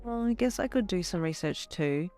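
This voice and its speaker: A woman's voice: lowish voice, animated, moderate pace, dark tone, soft background music, lightly acted. A woman voicing a sulky, lovesick young woman who huffs and pleads, in a fan fiction audio reading. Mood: pleading.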